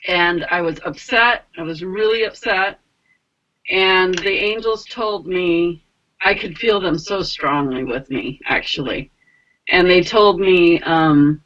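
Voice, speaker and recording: Woman rambling thru a story, lots of like and you know, bright voice, kinda muffled lo-fi sound. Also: measured pace. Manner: animated, acts out quotes with big pitch jumps. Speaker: spiritual mentor and energy healer. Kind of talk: casual personal storytelling.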